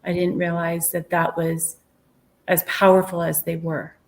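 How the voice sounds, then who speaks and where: Woman guest, lowish pitch, reflective and earnest, drops to a hush at times. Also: flat delivery, unhurried. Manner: earnest, reflective, with soft whispered asides. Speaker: guest medium sharing a near-death experience. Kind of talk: storytelling in an interview.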